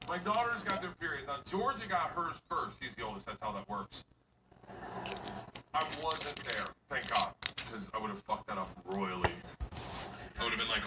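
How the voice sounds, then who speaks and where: At a comedy venue, a middle-aged stand-up comedian tells a story to a live audience, animatedly acting out his daughters' voices. He speaks at a moderate pace with medium pitch and frequent pauses, recorded on a distant mic in an echoey room with audience noise.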